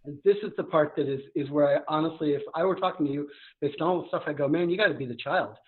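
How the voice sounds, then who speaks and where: On a podcast, a man coaches live at a breakneck, energetic clip, words tumbling out a million miles an hour. His slightly high voice arrives over a thin, tinny remote connection.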